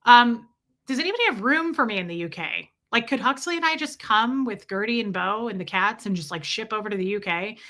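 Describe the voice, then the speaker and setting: A woman's voice: a little high, lively intonation, a little fast, bright, forceful tone. A woman hosting a livestream, chatting casually and rambling with self-mocking humor as she reads viewer comments. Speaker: livestream host.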